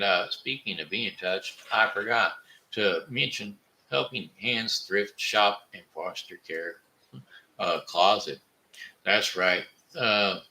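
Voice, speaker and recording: Brief: man hosting a live stream, slow and rambling, gravelly low voice. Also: bright, forceful tone, rough recording. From Missouri, USA. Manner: rambling and halting, with many fillers and restarts. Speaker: livestream host reading chat. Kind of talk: casual live-stream chat.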